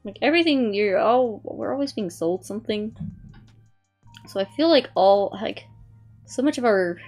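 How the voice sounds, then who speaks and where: A woman's voice: medium pitch, expressive, normal speed, a little mellow, faint music behind. Rambling young woman streamer, lots of "like". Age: young adult. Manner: rambling, many "like" fillers, reads aloud from a review. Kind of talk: casual chat.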